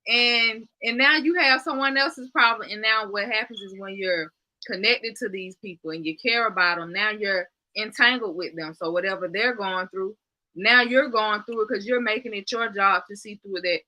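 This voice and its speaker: A woman co-hosting a podcast in casual chat, emphatic and quick to affirm her partner's points. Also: mid-range voice, sharp tone, dry recording, rough recording. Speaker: podcast co-host.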